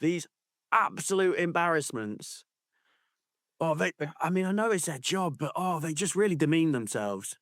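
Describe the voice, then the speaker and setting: Lively, laughing man in casual chat. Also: fairly high pitch, normal speed, dry recording, clean studio sound. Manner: animated, laughing, swears freely. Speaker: podcast co-host.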